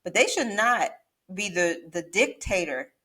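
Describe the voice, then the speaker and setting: A woman's voice: on the low side, animated, a little slow, sharp tone. A woman hosting an interview podcast who speaks in a reflective, faith-minded and affirming way. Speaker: podcast host.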